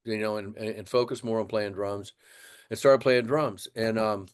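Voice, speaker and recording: An older man from Texas, a drummer, telling an animated story in an interview and acting out the voices of others. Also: lowish voice, moderate pace, clear, resonant tone. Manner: animated storyteller, acts out voices, laughs often. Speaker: guest drummer.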